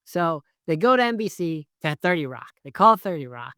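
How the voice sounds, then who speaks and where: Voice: mid-range voice, very animated, moderate pace, bright, forceful tone, clean tone, no echo, clean studio sound. Profane, exasperated film reviewer ranting. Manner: profane, sarcastic, exasperated rant; rambling, heavy use of "like" and "right?". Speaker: movie reviewer.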